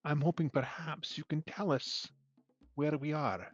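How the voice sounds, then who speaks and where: A man's voice: on the high side, a little slow, husky, no room sound, muffled recording, faint music behind, voice pushed up. A man doing a fawning, overly polite traveler. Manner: courteous, formal, put-on accent. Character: overly polite male traveler, bowing, humble.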